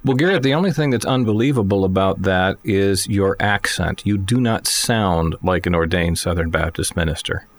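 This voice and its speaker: A man's voice: low voice, normal speed, few pauses, a little hiss or hum. A man from the Midwest hosting a radio talk show, conversational and friendly as he interviews guests. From American Midwest.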